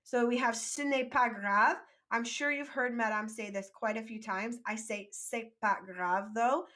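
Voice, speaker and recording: A woman with a fairly high voice leads a French vocabulary lesson. She says each phrase slowly and clearly for her students to repeat, then explains it in quicker English and praises their answers. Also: steady tone, pushed and bright. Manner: encouraging, prompts repetition. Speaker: French teacher.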